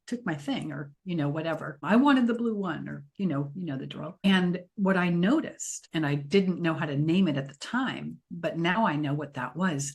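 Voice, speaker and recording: This is a middle-aged woman with a notably low-pitched voice, speaking in relaxed podcast conversation. She tells anecdotes with flair and slips into playful high voices when she quotes little children. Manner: animated storyteller acting out children's voices. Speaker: podcast co-host. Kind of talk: casual chat.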